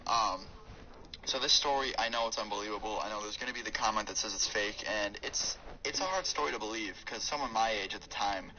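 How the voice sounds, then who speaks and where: A young man telling a rambling, excitable storytime on his vlog, full of fillers. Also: on the low side, brisk, highs cut off, slight background noise. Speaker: YouTuber storyteller.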